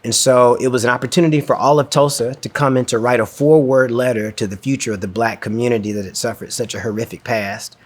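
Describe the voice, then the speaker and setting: A man speaks at a middle pitch, earnest and reflective as he tells a personal story from a stage. He slips into quoted dialogue now and then, and the feeling in his voice rises as the story moves on. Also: steady tone, quick pace, hardly any pauses. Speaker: speaker giving a talk.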